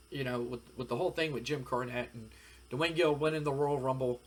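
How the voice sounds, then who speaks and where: A man's voice: mid-range voice, fairly bright tone. A man narrating a wrestling simulation playthrough in a rambling, filler-heavy way. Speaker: game commentator. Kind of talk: let's-play narration of a wrestling sim.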